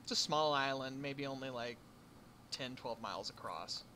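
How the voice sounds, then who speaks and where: A man's voice: mid-range voice, moderate pace, noisy background. A man narrating as game master in a tabletop game, casual and a little hesitant.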